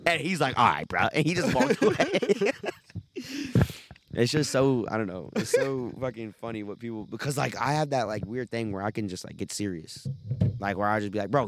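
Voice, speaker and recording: A young man co-hosting a casual podcast, telling stories loudly, swearing a lot and laughing often. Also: on the low side, vocal fry, no echo. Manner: loud, profane storytelling, laughs often. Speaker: podcast co-host.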